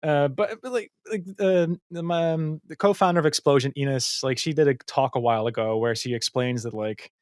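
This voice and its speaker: Male podcast guest, higher voice, halting but thoughtful, close dry mic. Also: a little mellow, clean tone, dry recording. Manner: hesitant, many fillers and restarts; thoughtful explaining tone. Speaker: guest, machine learning engineer. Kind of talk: casual podcast conversation.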